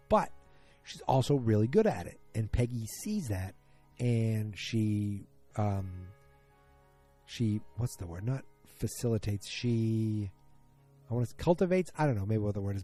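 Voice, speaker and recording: Man, podcast host, low-ish voice, mellow tone, rambling, corrects himself, faint music behind. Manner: rambling, self-correcting storyteller. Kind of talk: casual solo recap podcast.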